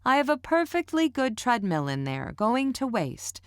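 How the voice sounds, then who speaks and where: A woman's voice: on the high side, big pitch swings, normal speed, clear, resonant tone, no room sound, pitched above the performer's own voice. A fretful, overprotective mother insists on her point in a raised, emphatic voice, as a woman narrator puts her on. The audiobook sound is dry and close. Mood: fussing. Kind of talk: audiobook character voice.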